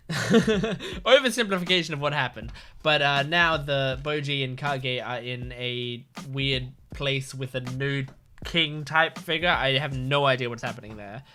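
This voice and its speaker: A man's voice: fairly high pitch, pushed and bright. A man hosting an anime reaction video, chatting casually, rambling and correcting himself, hiccuping as he talks. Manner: rambling, self-correcting, laughs often.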